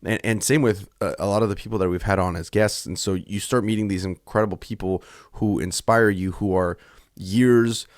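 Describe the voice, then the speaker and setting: A man's voice: lowish voice, steady tone, normal speed, dry recording, clean studio sound. A man co-hosting a podcast, talking earnestly and at length in a candid, emotional conversation, often breaking off and restarting. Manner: earnest, rambling, self-interrupting. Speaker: podcast co-host.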